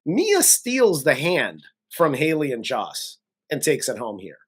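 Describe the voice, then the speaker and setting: A man's voice: a little high, huge pitch swings, slow, husky. A man co-hosting a casual movie review chat, recapping the plot with frequent laughter and plenty of swearing. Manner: profane, laughs often, blunt opinions. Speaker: co-host of a movie review show.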